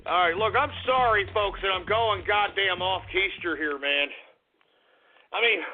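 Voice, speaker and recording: Agitated profane talk radio host, gravelly. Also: male voice, sits high, unhurried, soft background music. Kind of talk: ranting call-in style talk radio. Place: Austin, Texas. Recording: tinny phone-like lo-fi radio recording.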